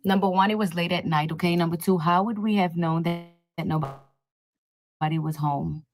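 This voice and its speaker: A woman with a lower voice argues her case point by point. She sounds firm and pointed throughout. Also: moderate pace, no echo. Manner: pointed, argumentative, lays out her points in order.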